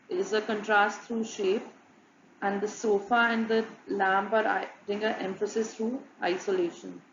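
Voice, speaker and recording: Woman, monotone student presenter, muffled echoey room recording with faint hum. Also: medium pitch. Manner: flat, repetitive listing of examples. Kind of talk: narrated slide presentation.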